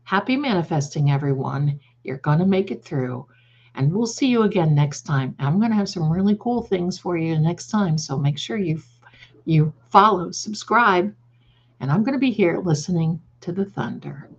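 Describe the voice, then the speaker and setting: A woman's voice: fairly low pitch, lively intonation, moderate pace, husky. Chatty woman psychic hosting a live stream. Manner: affectionate, calls viewers "my darling"; chatty, repeats words and restarts. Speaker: psychic livestream host. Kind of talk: live-stream chat reading comments. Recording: slightly dull lo-fi stream audio.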